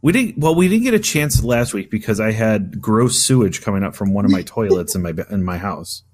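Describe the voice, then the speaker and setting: A man's voice: lowish voice, animated, a little fast, a little mellow. A man hosting a casual gaming podcast, telling a long story with lots of fillers and restarts. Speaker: podcast host.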